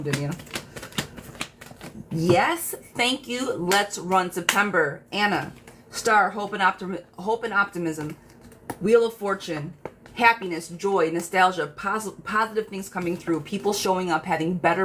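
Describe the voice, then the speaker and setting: A woman's voice: on the low side, a little hiss or hum. A woman hosting a live tarot reading stream, talking casually and affectionately to viewers by name. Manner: chatty, affectionate, talks straight to viewers by name.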